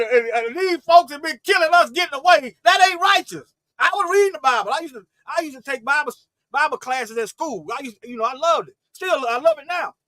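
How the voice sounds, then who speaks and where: A man preaching fervently to viewers on a livestream. He swings from loud, forceful bursts to low muttered asides and often repeats and restarts his words. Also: no echo. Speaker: self-styled Bible teacher on a livestream.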